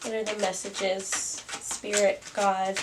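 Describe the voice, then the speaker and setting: A woman's voice: medium pitch, little pitch movement, takes it slowly. A young woman doing a casual tarot reading to camera, musing aloud and laughing at herself. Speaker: tarot reader. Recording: distant mic, faint noise.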